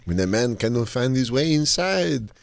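A man voicing a smug, unbothered French landlord in a put-on French accent, talking slowly in airy sayings. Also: mid-range voice, sing-song, gravelly, dry recording. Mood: serenely dismissive. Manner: slow, airy, philosophical.

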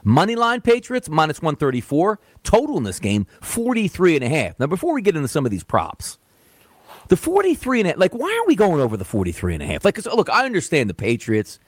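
A man co-hosts a sports radio show in loose, rambling chat stuffed with fillers and restarts. His voice sits a little high and leaps around in pitch. The sound is dry and close with no room around it. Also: huge pitch swings, quick pace, no room sound. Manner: rambling, filler-heavy, lots of "like". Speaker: sports betting show co-host.

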